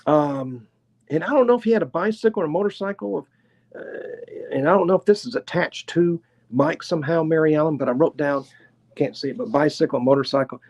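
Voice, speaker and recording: A man with a Tennessee accent doing a live clairvoyant reading, talking in an unhurried, chatty way and hedging his guesses. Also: on the high side, a little mellow. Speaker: clairvoyant medium.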